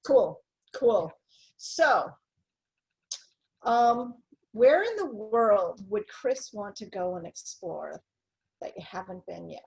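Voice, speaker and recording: Woman guest on a podcast, kinda breathy, easygoing chat. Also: expressive, takes it slowly, pauses often, darkish tone, low-quality recording. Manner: brief back-channel replies, then pitches an idea. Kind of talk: casual interview chat.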